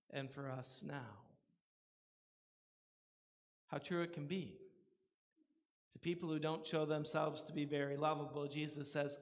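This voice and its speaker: A man preaching a sermon as pastor, earnest, rising for emphasis and dropping to a hush. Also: fairly high pitch. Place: church sanctuary. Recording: long church reverb.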